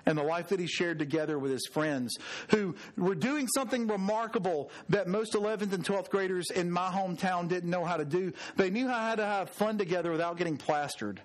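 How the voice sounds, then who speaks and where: A middle-aged man preaching with earnest emphasis, his voice sitting a little high for a man. He builds his points through repeated phrases and personal storytelling. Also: a little fast, few pauses. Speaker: pastor. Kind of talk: sermon.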